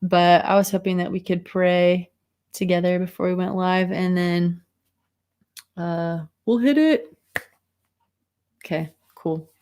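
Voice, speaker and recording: A woman's voice: lowish voice, slow pace, long pauses, a little mellow, clean tone. A woman hosting a casual livestream chat over a video call, rambling with fillers and giggles. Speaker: host.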